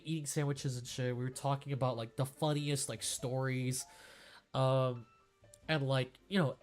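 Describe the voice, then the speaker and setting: A young man streamer in a tearful, rambling casual chat, full of fillers and emotion. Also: on the high side.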